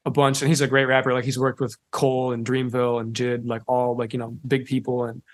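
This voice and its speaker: Fast-talking young man telling stories. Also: mid-range voice. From Cleveland, Ohio, USA. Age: young adult. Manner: animated, acts out quoted voices, fills with "like". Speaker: recording engineer guest. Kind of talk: casual storytelling.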